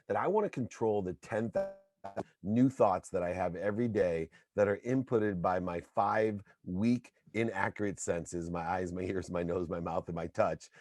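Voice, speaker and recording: A middle-aged man, a podcast guest, talking in an energetic, motivational way and telling anecdotes. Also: fairly low pitch, no echo. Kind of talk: casual interview talk.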